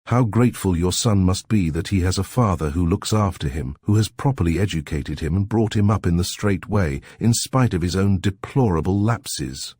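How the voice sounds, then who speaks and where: A man voicing a mild-mannered, sly investigator who murmurs and gently mocks. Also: deep voice, normal speed, few pauses, no echo, clean studio sound. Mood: mock-sincere. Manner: soft, murmuring, gently mocking. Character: mild, sly, dryly ironic male investigator.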